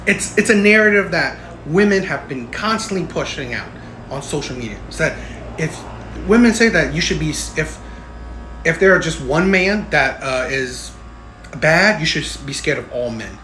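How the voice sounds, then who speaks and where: A man's voice: fairly high pitch, pushed and bright, slight background noise. Man lecturing in a roomy room. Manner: emphatic, lecturing, repeats "okay?" and "right?". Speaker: commentary channel host. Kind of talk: opinionated reaction commentary.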